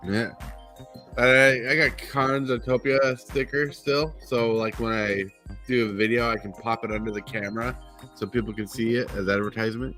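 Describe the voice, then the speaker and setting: Bright-voiced man, easygoing stream chat. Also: mid-range voice, steady tone, normal speed, faint music behind. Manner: supportive, agreeing often. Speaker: co-host. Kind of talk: casual chat.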